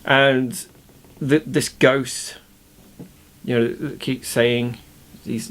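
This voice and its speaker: A man's voice: mid-range voice, little pitch movement, drawn-out words, a bit bright, clear, resonant tone. A man who writes and runs the show, giving casual behind-the-scenes commentary. He explains his ideas with enthusiasm, often restarting mid-sentence.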